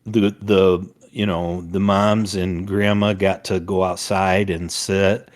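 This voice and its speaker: A man's voice: low voice, flat delivery, takes it slowly. An older man, a father co-hosting a family podcast, chatting casually in a rambling way with many fillers and restarts. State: recovering from a summer cold.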